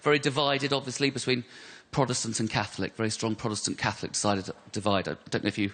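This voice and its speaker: On a live comedy stage, a West London man delivers self-deprecating stand-up full of stammered repeats. He talks fast at a medium pitch with a level, slightly bright tone, and the audience can be heard laughing in this stage recording.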